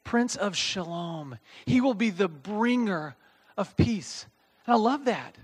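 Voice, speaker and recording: A man's voice: sits high, lively intonation, slow pace, breathy edge. A man preaching a conversational sermon. He reads scripture aloud, explains it in plain words and keeps checking in with listeners by asking "okay?". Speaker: pastor.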